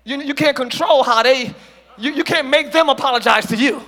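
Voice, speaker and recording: A male pastor preaches with a very high voice, and his tone is bright and forceful. He swings into shouted peaks and calls to the congregation, dropping into casual slang and playful quoted voices. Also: brisk. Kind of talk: sermon. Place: church hall with congregation.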